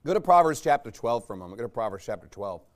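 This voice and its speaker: A man preaches a sermon in a loose, rambling, conversational style, often checking in with the congregation by asking "right?". He speaks rapid-fire at a medium pitch with big swings in intonation.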